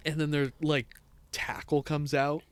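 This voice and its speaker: A man's voice: fairly high pitch, little pitch movement, a little slow, clean tone, dry recording. A young man with a New England accent, hosting a podcast and telling a long story in casual, rambling speech full of "like" and swearing. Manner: rambling, heavy swearing, lots of "like". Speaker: podcast host.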